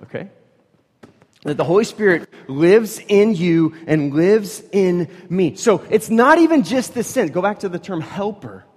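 A man preaching a sermon, swinging from loud emphatic bursts to hushed, low passages. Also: animated, measured pace. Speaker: pastor. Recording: reverberant hall.

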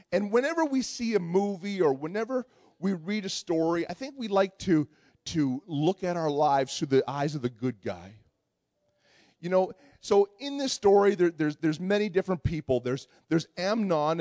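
A man's voice: a little high, darkish tone, no room sound. A man preaching a sermon, retelling a story in a conversational way and often repeating words as he goes. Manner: conversational, repeats words while searching for them.

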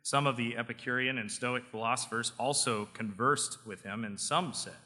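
Bright-voiced pastor in an echoing hall. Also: male voice, mid-range voice, moderate pace, hardly any pauses. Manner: steady scripture reading, then relaxed storytelling with fillers. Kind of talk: sermon with scripture reading.

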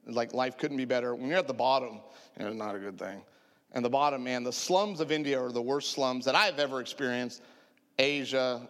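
A man telling a humorous story as a preacher, animated and joking with his audience. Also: fairly high pitch, in a large hall. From United States. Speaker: traveling preacher.

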